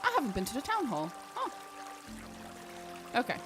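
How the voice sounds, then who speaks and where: A woman streaming a video game, chatting casually, excitable and swearing, often breaking into laughs. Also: a little high, normal speed, music in the background. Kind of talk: casual gameplay commentary.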